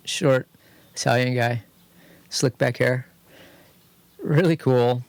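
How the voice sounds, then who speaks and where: A man with a Californian accent co-hosting a podcast, telling a long garage story in a rambling, animated way. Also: medium pitch, takes it slowly, vocal fry, no room sound. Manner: rambling, animated anecdote telling, quotes others in lively voices. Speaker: podcast co-host. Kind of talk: casual garage chat, storytelling. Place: home studio.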